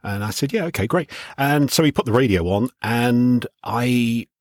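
A middle-aged man, a veteran radio DJ and self-described shy guest, telling animated stories in a radio interview. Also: mid-range voice, unhurried, no room sound, studio quality.

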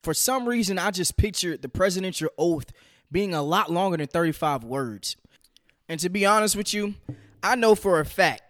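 A man's voice: fairly high pitch, a bit bright, no echo, studio quality. A young man from the United States hosting a casual solo podcast from his home kitchen, chatty and full of "man" and "you know". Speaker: podcast host.

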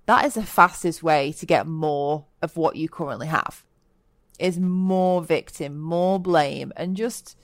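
A woman hosting a solo self-help podcast, talking earnestly and motivationally and acting out quoted moments with lively voices. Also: sits low, measured pace, no echo, clean studio sound. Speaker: podcast host. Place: lives in Bali.

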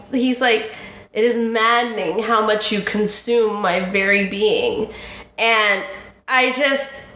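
A young woman hosting a podcast, chatting casually and gushing in an animated way, with a lot of "like". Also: a little high, echoey room. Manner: gushing and animated, says "like" often. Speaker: podcast host recapping a TV series. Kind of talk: casual chat.

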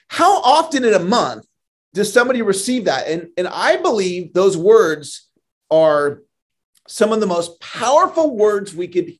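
In a podcast interview, a man speaking as a sales trainer sounds earnest and motivational, his voice sitting high. He often repeats a word as he begins a thought.

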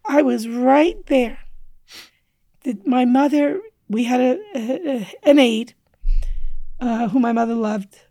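A woman guest on a podcast telling a personal story with earnest feeling, sometimes dropping to a hushed near-whisper. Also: a little high, takes it slowly, long pauses, no echo. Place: indoor studio table.

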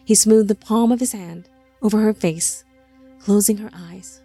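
A woman narrating an audiobook in a measured, somber storytelling manner on a close mic. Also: medium pitch, mellow, husky, soft background music.

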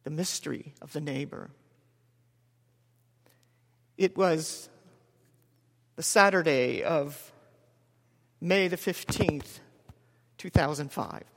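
High-voiced man preaching in a hall. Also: vocal fry. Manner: measured, dramatic pauses, soft drops to near whisper. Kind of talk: sermon storytelling. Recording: long hall reverb.

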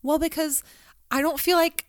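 A woman voicing a hurt, insecure friend, her voice raised high and plaintive. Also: fairly even intonation, moderate pace, dry recording, studio quality, lightly acted.

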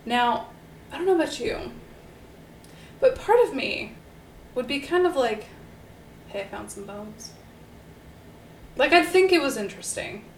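As co-host and storyteller on a casual true-crime podcast, a woman recounts a case in an upbeat, chatty manner full of fillers. She speaks at a normal speed in a high, animated voice with long pauses, recorded with roomy echo and faint hiss.

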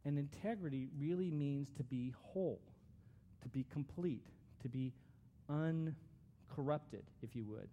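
Mellow-voiced man preaching. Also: fairly high pitch, a little slow, dull audio, a little hiss or hum. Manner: conversational, earnest, with restarts. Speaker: pastor. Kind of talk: sermon.

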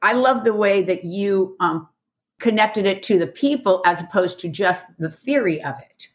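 A woman's voice: medium pitch, lively intonation, normal speed. Enthusiastic woman hosting a karate chat. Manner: enthusiastic, laughs often. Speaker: karate instructor and podcast host. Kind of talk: casual group discussion.

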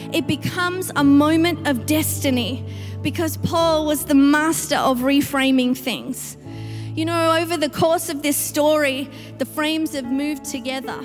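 A woman pastor preaching a sermon to her church, building to emphatic, rising outbursts. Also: high-pitched. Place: church sanctuary. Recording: long reverb with faint music.

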